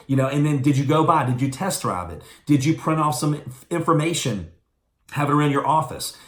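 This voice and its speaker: A man giving a motivational business training, telling stories fast and with energy. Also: a little high. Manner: fast, animated storytelling. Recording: echoey room.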